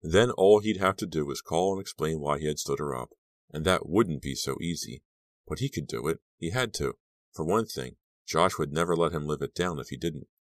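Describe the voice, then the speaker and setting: A male audiobook narrator with an extremely deep voice who tells the story in a measured, brooding way. The recording is dry and close, with no room sound. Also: no room sound. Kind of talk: scripted narration.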